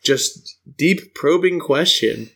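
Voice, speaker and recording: Gravelly-voiced American man chatting. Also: on the high side, lively intonation, slow, a bit bright. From United States. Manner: playful, rambling storyteller. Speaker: podcast co-host. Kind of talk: casual chat.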